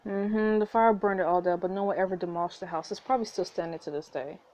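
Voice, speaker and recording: A woman's voice: fairly low pitch, steady tone, quick pace, a little mellow, natural voice, rough recording. A woman voicing a guarded young man, the twin brother, speaking bluntly and warily as she reads a story game aloud. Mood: wary.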